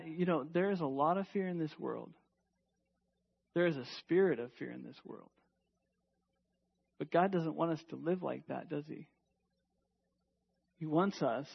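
A man preaching a sermon emphatically, asking rhetorical questions and dropping to a hush at times. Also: a little high, vocal fry, slightly rough, dull audio. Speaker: pastor.

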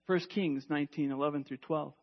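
A man preaching a sermon emphatically, asking rhetorical questions and dropping to a hush at times. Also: on the high side, steady tone, brisk, dull audio. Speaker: pastor.

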